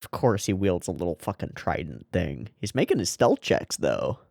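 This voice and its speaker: A man's voice: deep voice, big pitch swings, moderate pace, creaky, darkish tone, no echo, clean studio sound. A man hosting an anime reaction video. He swears freely, laughs often, and talks back at the characters on screen. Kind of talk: casual reaction commentary.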